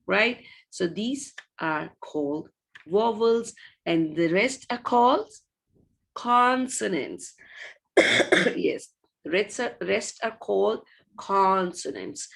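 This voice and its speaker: A woman with a gravelly, slightly creaky voice teaches phonics to small children at a very unhurried pace. She repeats each word patiently in a sing-song way and keeps checking in with gentle rising questions. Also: fairly low pitch. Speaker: early years teacher. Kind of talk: recorded online phonics lesson.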